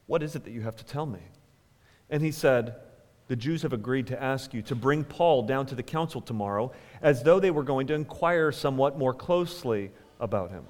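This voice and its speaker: A man, a pastor, reading scripture aloud to a standing congregation in an earnest, emphatic way. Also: medium pitch. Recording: reverberant hall.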